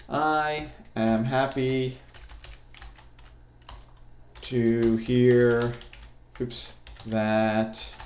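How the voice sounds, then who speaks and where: A man's voice: on the low side, echoey room, a little hiss or hum. Man teaching code while typing. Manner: relaxed, thinks aloud while typing. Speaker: programming teacher. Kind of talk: screen-recorded coding lesson.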